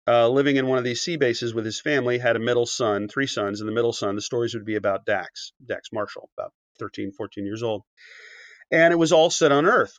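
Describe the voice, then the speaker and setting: A man appearing as a podcast guest, an author and animation writer, tells a long anecdote in a bit-bright, mid-range voice with no echo. His conversational storytelling is full of fillers and restarts, he acts out quoted dialogue, and he briefly gets choked up. The podcast audio is dull and dry.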